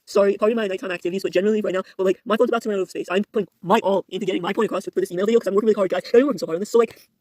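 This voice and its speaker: High-voiced rambling young man. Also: fairly even intonation, rapid-fire, darkish tone, no room sound, rough recording. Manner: rambling, gossipy, filler-heavy, mock-outraged. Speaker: commentary video host. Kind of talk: parody internet drama commentary. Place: home dinner table. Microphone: podcast mic.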